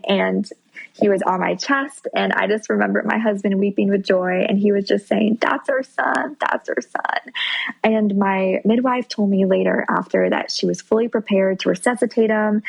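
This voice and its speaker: A woman's voice: medium pitch, vocal fry, poor audio. A young adult woman earnestly telling her birth story as a podcast guest, recorded at home.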